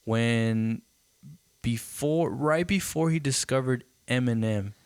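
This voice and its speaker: Speaking slowly in a clear, resonant, medium-pitched voice with no room sound, a man hosts a laid-back podcast. He spins lively stories, performs the quotes himself, and curses frequently.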